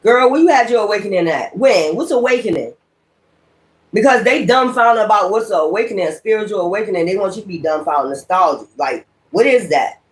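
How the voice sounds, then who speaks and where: A woman's voice: mid-range voice, expressive, fast talker. A woman giving a spoken tarot reading in a blunt, profane, ranting manner. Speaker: tarot reader. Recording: echoey room.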